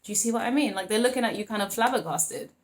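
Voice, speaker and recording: Here a woman with a fairly high voice talks fast while doing a casual tarot reading for the camera, in a roomy, rough-sounding recording. Chatty and rambling, she laughs often, leans on fillers, and keeps calling her audience babes and honey.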